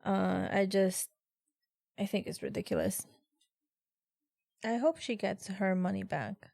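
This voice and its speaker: A woman co-hosting a casual podcast, trading blunt and opinionated takes. Her voice has a gravelly fry, and it sounds dry and close with no room behind it. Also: medium pitch, very animated, slow pace, a little mellow, dry recording. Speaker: podcast co-host. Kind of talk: casual chat.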